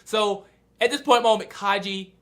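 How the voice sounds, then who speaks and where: An excitable man talks through a manga chapter in a loose, casual review, acting out the scenes as he goes. His voice sits high for a man and has a bright, forceful edge. He swings easily between chatty explaining and loud reactions. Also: normal speed. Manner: animated and excitable, acts out scenes. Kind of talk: casual video review chat.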